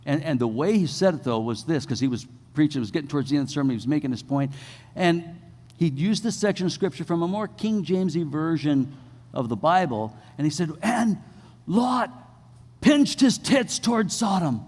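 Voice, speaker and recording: A man's voice: on the high side, expressive, fast talker, warm tone. Man preaching in a reverberant church. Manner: storytelling, self-deprecating and conversational with many restarts. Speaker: pastor. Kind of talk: sermon. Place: church sanctuary. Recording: long reverb of a church hall.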